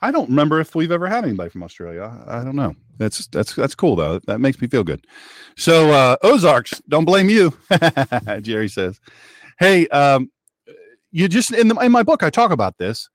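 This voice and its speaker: In a very animated, slightly high voice at normal speed, a man hosts a political talk show and rambles through an opinionated monologue. He repeats phrases for emphasis and reads listeners' chat messages out loud. It's a dry, studio-quality recording.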